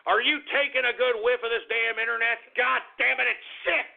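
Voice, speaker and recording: A man's voice: very high voice, fairly even intonation, a little fast, vocal fry. A man hosting a political talk radio show, ranting angrily and profanely at his listeners, with a tinny phone-like recording sound.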